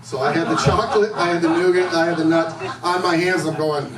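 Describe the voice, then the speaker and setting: Rambling stand-up comedian, echoey bar room. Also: male voice, fairly high pitch, fairly even intonation, fast. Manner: loose, rambling conversational delivery, asks the crowd questions. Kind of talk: stand-up set. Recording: echoey room, distant mic, faint noise.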